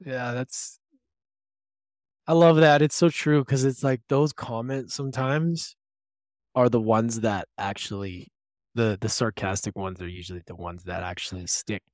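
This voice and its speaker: A man's voice: mid-range voice, unhurried, darkish tone, no echo, clean studio sound. A man hosting a casual podcast conversation, upbeat and encouraging, with some casual swearing.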